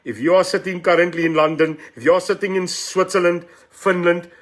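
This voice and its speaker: Hosting a live political show, this middle-aged South African man speaks with a South African accent in a high-pitched, somewhat fast voice with fairly even intonation. He's impassioned, switching between English and Afrikaans and welcoming viewers by name.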